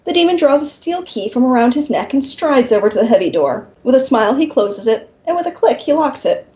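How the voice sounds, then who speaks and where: A woman narrating an interactive fiction game aloud for her co-hosts, in an expressive reading style, on a slightly dull recording. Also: high voice, brisk, few pauses.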